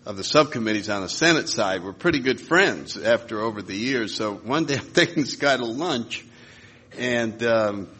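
A man telling lively, chuckling stories to a live audience. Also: mid-range voice, moderate pace, husky. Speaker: speaker sharing recovery stories.

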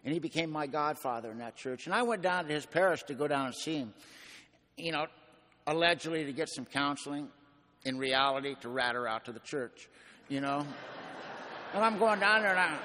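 A man's voice: a little high, a little fast, sharp tone. An older man telling his own story at a recovery meeting, in a folksy, colloquial and earnest way. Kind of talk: personal storytelling testimony. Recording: long hall reverb.

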